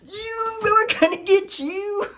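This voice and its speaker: A man voicing a gang of teenage bullies who jeer threats in a high, mocking voice. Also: steady tone, slow, pushed and bright, a little hiss or hum, heavily acted. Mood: taunting.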